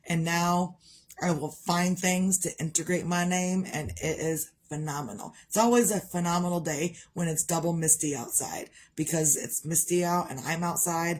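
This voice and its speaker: A woman's voice: fairly low pitch, darkish tone. A middle-aged woman talking casually in a daily vlog, chatty and rambling, laughing at her own jokes. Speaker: vlogger.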